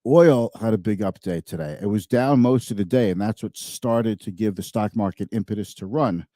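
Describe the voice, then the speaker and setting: A man's voice: fairly low pitch, moderate pace, warm tone, no room sound, studio quality. A man hosting a finance show, giving casual market commentary in a chatty, thinking-aloud way and often correcting himself mid-sentence.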